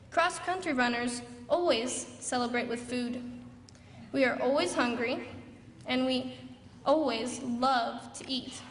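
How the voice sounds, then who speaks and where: High-voiced teen girl giving a speech. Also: fairly bright tone, slight background noise. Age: late teens. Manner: earnest, building pep-talk delivery. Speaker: graduating student speaker. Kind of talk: prepared graduation speech. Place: large graduation ceremony hall. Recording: echoey hall recording from far off.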